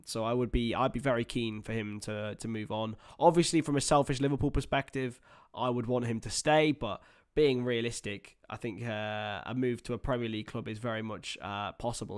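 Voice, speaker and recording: A young man giving chatty live play-by-play of a football match for his stream viewers, with asides to them. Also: medium pitch. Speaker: livestream watchalong commentator. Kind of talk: live football watchalong commentary.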